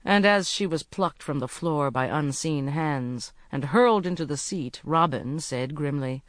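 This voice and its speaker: An audiobook narrator reading a cozy mystery with an expressive delivery, recorded close on a studio mic. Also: medium pitch, a little slow, hardly any pauses, no room sound.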